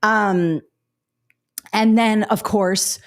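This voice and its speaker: Woman educator, mid-pitched voice, animated storyteller who acts out her classroom lines, webinar advice to new teachers. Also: drawn-out words. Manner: lively storytelling, acting out what she says to students.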